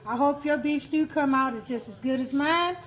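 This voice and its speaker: A woman's voice: high-pitched, normal speed, poor audio. A woman from Texas, chatting her way through a home cooking demonstration in a kitchen. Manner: chatty, homey, repeats words while explaining. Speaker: cooking vlogger.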